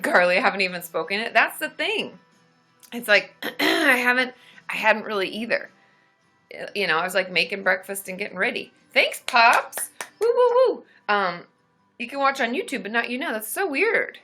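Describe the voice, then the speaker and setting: Chatty woman hosting a morning live stream. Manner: chatty, greets viewers by name, loud high whooping cheers. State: just woken up, voice still groggy. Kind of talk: casual live-stream chat reading viewer comments.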